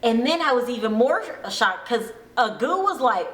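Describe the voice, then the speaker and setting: A woman's voice: on the high side, very animated, moderate pace, fairly bright tone. A woman vlogger giving a chatty, dramatic, gossipy recap. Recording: roomy echo.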